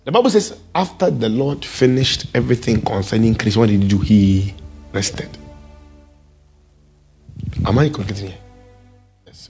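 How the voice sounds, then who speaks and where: A man's voice: medium pitch, husky. A man preaching a sermon and calling out to the congregation. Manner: animated, calls out to the congregation.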